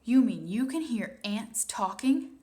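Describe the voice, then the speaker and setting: A woman's voice: on the high side, lively intonation, measured pace, darkish tone, voice pushed up. A woman reading aloud and voicing a polite, curious young girl who asks eager questions. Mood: amazed. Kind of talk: audiobook reading.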